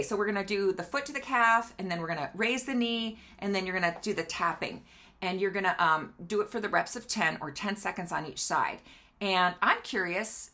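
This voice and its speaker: A middle-aged woman with a bright voice hosts a casual health vlog from her kitchen. She talks in a chatty, instructive way and counts aloud while she demonstrates balance exercises, sounding slightly out of breath. She is recorded on a camera a few steps away. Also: mid-range voice. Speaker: doctor and video host. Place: home kitchen near a counter.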